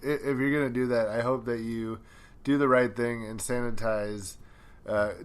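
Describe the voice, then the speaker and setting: A man's voice: medium pitch, fairly even intonation, moderate pace, clear, resonant tone. A man co-hosting a podcast in casual chat, reacting with short replies and laughter. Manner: laid-back listener, short replies and laughs. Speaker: podcast co-host.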